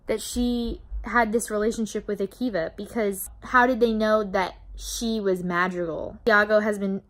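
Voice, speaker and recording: A woman's voice: medium pitch, fairly even intonation, moderate pace, fairly bright tone. A young woman casually recapping a novel for her book channel, chatty and openly emotional, swearing now and then. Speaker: book vlogger.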